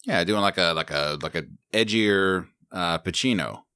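Lower-voiced guy hosting a podcast, cracking jokes, swears a lot. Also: moderate pace, sharp tone, clean tone. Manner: profane, joking. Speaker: podcast host. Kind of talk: casual podcast banter. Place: remote home setup.

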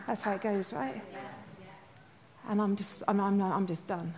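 A woman preaching a sermon, telling stories with passion, singing snatches of worship songs and building to loud, impassioned proclamation. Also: medium pitch, steady tone, unhurried.

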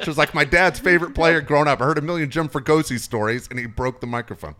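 A middle-aged man, a sports reporter appearing as a guest, tells stories in a casual, profane chat, animatedly acting out what people said. He talks fast at a medium pitch with few pauses.

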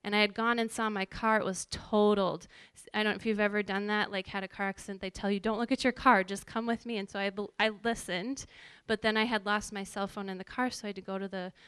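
Woman, worship pastor, smooth clear voice, dry close sound, chatty storytelling. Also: mid-range voice, level tone, quick pace, a bit bright, no room sound. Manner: conversational storytelling with fillers and asides. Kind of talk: personal testimony.

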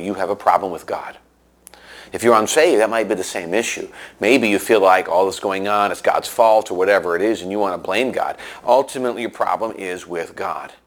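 A man giving a sermon in a conversational way, telling a story with many restarts and lively asides. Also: on the low side. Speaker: preacher.

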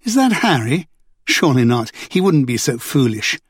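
A man's voice: medium pitch, sing-song, normal speed, slightly rough, dry recording, studio quality. A man voicing an anxious, pleading young woman in an audiobook. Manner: fretful, pleading.

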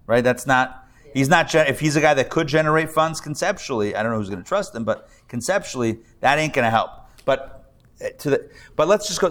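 A man teaching a live class as a rabbi, talking in a loose conversational way with many restarts and repeated words, and dropping in wry jokes. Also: medium pitch. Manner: wry humorous asides. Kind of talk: live adult-education lecture. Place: live lecture before an audience.

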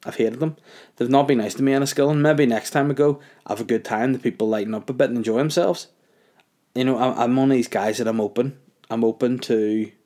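Host: young comic, loose, rambling solo podcast chat, mid-pitched voice. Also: male voice, a little mellow. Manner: laid-back, rambling with many fillers.

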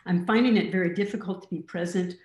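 A woman sharing personal doubts in an inquiry session, hesitant and searching. Her voice sits a little low and carries a roomy echo. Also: fast. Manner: hesitant, many ums. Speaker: participant.

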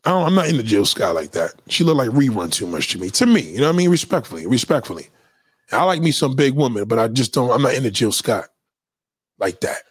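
In a mid-range, slightly rough voice that swings widely in pitch, this podcast host talks fast on a dry recording. He spins loose, profane stories, responds to live comments, and frequently restarts what he's saying.

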